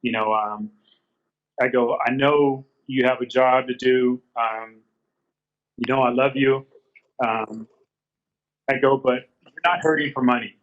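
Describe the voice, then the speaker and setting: A man's voice: mid-range voice, steady tone, measured pace, pauses often, muffled recording. A man telling a personal story in a candid interview, earnest and repeating his phrases as he quotes past conversations. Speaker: guest.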